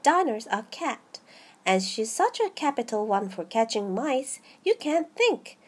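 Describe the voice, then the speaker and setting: A woman's voice: a little high, sing-song, unhurried, slightly rough, exaggerated voice. Young storybook girl, earnest and chatty, read by a woman with a Japanese accent. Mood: eager.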